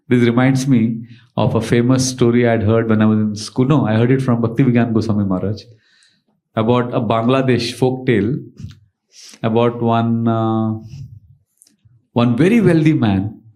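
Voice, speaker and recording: A man's voice: mid-range voice, mellow. A man giving a storytelling sermon in a conversational lecturing manner. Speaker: monk and lecturer.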